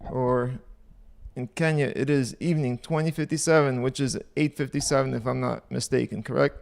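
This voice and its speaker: A man's voice: medium pitch, steady tone, normal speed, creaky, darkish tone. A man hosting a casual livestream, chatting to viewers in a rambling way and laughing often. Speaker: livestream host.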